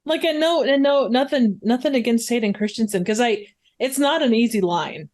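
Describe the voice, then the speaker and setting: A woman's voice: fairly high pitch, normal speed, a little mellow. A woman guest on a movie podcast, chatting casually with plenty of fillers and frequent laughter.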